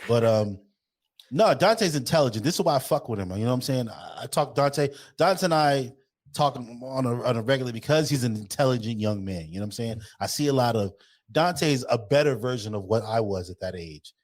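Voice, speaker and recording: A man's voice: medium pitch, fairly quick. A man co-hosting a podcast in casual chat, talking bluntly and animatedly with lots of swearing. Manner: blunt, profane, opinionated, animated. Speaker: podcast co-host.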